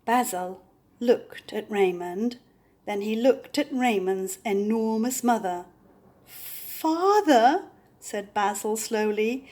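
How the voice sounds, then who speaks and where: An older woman reading a picture book aloud to children, with expressive, animated storytelling. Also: medium pitch, takes it slowly.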